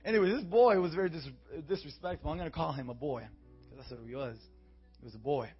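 A young man preaching as a youth pastor, calling for amens and swinging from quiet, intimate talk to shouted declarations. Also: fairly high pitch, fast, slightly rough. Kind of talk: sermon. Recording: dull, muffled sound with faint music.

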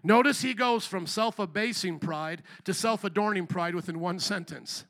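A man preaching a sermon as pastor. He is animated, acts out little quoted voices, and calls out to the congregation. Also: high voice, normal speed, hardly any pauses.

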